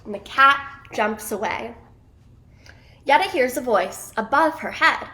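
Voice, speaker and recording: A woman telling a children's story in an expressive, animated way. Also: a little high, measured pace.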